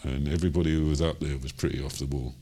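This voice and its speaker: Very deep-voiced older Cockney man. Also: fairly even intonation, rapid-fire, warm tone, slightly rough. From London, England. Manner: rambling, many ums and you-knows, chuckles as he talks. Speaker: jazz singer. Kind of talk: interview storytelling.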